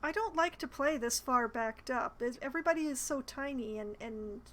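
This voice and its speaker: A woman's voice: sits high, normal speed, a bit bright, a little hiss or hum, rough recording. A woman streaming a role-playing game, reading the dialogue aloud and adding wry, chatty asides. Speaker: gamer streaming a playthrough.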